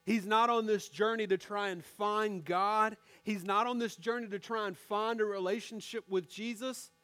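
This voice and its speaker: A young male pastor with a notably high voice for a man preaches to his congregation in a church. His delivery is conversational and direct, speaking to the people in the room as he explains his point. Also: fairly even intonation, moderate pace, sharp tone. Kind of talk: sermon.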